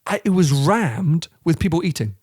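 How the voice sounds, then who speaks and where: A young man, a podcast guest telling travel stories in an animated, laughing way. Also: on the high side, moderate pace, breathy edge, no room sound, studio quality. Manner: animated storyteller, laughs often. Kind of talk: casual chat.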